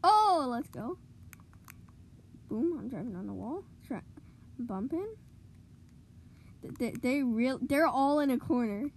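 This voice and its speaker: A woman giving excitable live commentary on her own gameplay, cheering goals and groaning at misplays. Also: fairly high pitch, a little slow, long pauses, husky. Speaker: gamer streamer.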